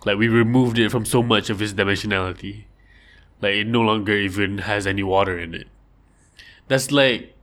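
This man hosts a relaxed livestream, his voice fairly low but bright. Fielding listener questions, he wanders off topic, jokes around, and performs small scenes in goofy voices.

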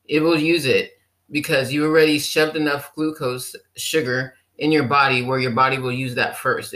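A bright, clear voice talks right to the camera like a friendly coach. The delivery is animated and teasing, acting out the listener's own excuses with a wink. This is a health vlogger giving a pep talk. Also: mid-range voice. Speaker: health vlogger addressing people with diabetes. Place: living in a German-speaking country.

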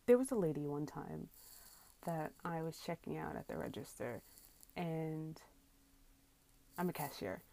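Woman, grocery cashier, exasperated rant with casual swearing; lowish voice, dry close sound. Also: expressive, a little slow, creaky, long pauses, dark tone, no room sound. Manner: exasperated, incredulous, swears freely. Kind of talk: casual ranting monologue. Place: inside a closet.

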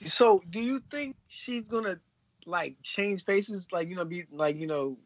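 A podcast co-host in casual chat, reacting bluntly and profanely, with a husky voice. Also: mid-range voice, a little slow, no room sound, lo-fi sound.

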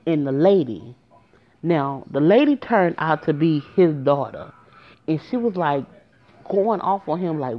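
A woman tells a personal story in a casual, emotional way and speaks straight to her listeners. Her voice sits low. The recording sounds muffled and lo-fi. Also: animated, a little slow. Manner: emotional, addresses listeners directly.

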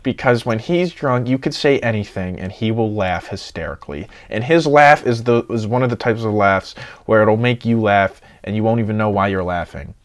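Young man, low-ish voice, casual storytelling; excitable, profane, acts out quotes. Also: normal speed, few pauses. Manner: excitable, swears a lot, acts out friends' lines.

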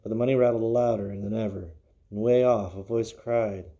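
A man hosting an unscripted podcast, reading stories and musing casually, his voice sinking low and quiet at the ends of phrases. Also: steady tone, moderate pace, highs cut off. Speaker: podcast host.

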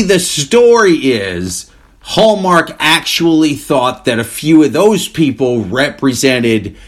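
A man co-hosting a podcast in casual chat, crude and joking, mocking corporate talk. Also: medium pitch. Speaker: podcast co-host.

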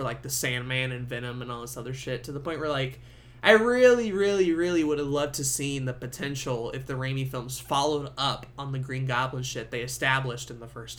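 A young podcast host with a medium-pitched voice talks briskly through a casual movie review. He swears and laughs throughout, telling it with animated energy.

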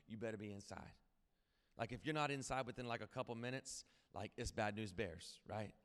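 A man's voice: medium pitch, fairly bright tone, smooth. A man preaching a sermon in a casual, conversational way, often repeating and restarting words as his energy builds. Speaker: pastor. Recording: long hall reverb with faint music behind.

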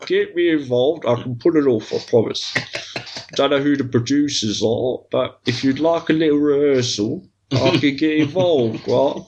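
A man, co-hosting a podcast, telling stories in an animated, profane way. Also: medium pitch, moderate pace, lo-fi sound, slight background noise. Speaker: podcast co-host. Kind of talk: casual chat.

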